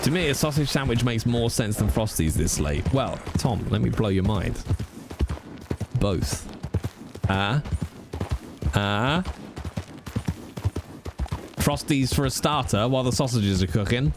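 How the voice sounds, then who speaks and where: A man's voice: medium pitch, lively intonation, measured pace, pauses often, background noise. A man streaming live, chatting casually with viewers in a playful, rambling way and swearing freely.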